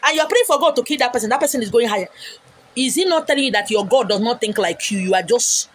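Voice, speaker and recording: A high-voiced middle-aged woman with a Nigerian accent, ranting straight to her vlog audience. She scolds and hurls insults, her voice jumping up into sharp, loud outbursts. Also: expressive, quick pace. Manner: wears a wig on camera. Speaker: vlogger.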